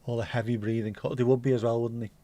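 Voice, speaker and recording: A man's voice: medium pitch, level tone, fast, warm tone, no room sound. A middle-aged man hosting a casual livestream and chatting in a playful, cheeky, rambling way. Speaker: livestream host.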